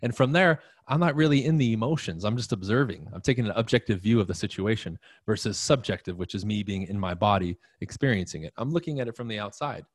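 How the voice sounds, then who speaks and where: A man with a fairly low voice gives a live-streamed coaching talk. He speaks bluntly and emphatically to his listeners, with the odd curse thrown in. The sound is dry, with no room echo. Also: fast talker, hardly any pauses, slightly rough. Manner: emphatic, profane, talks straight to the listener. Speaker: real estate coach.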